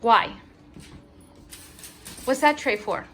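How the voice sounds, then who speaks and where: A woman's voice: a little high, drawn-out words, very noisy. A woman chatting casually while cooking with her mother, rambling a little with fillers as she explains each step. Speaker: home cooking vlogger. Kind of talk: casual cooking vlog chat. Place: kitchen, then outdoor backyard kitchen.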